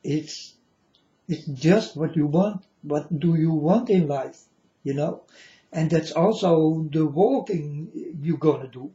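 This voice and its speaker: A man's voice: fairly high pitch, takes it slowly, warm tone, highs cut off. A man giving a rambling, preachy spiritual monologue to viewers, repeating himself and calling them folks, in non-standard English. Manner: preachy, repetitive, calls audience folks. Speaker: vlogger addressing viewers.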